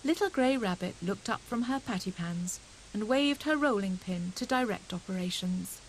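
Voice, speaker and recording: A woman narrating a children's storybook audiobook in a gentle, expressive reading. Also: medium pitch, normal speed, slight background noise, poor audio.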